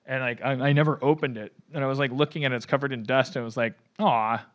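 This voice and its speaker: A man's voice: mid-range voice, steady tone, rapid-fire. A man hosting a podcast, telling a long story in a rambling, self-mocking way with lots of profanity and restarts. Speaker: podcast host.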